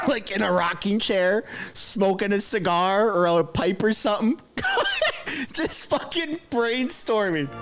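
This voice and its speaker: A man commentating live on a stream, excitable, shouting and laughing as he reacts. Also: a little high.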